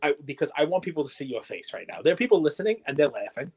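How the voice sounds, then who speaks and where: Husky man, a little high. Excitable, rambling podcast co-host riffing on sports. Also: rapid-fire. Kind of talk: casual sports chat.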